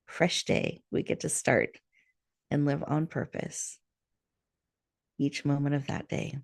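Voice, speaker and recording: A woman hosting a show, leading listeners through a guided breathing meditation in a soft, soothing way over a video call. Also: deep voice, fairly even intonation, vocal fry, no room sound, studio quality. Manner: soft, slow, soothing guidance. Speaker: host.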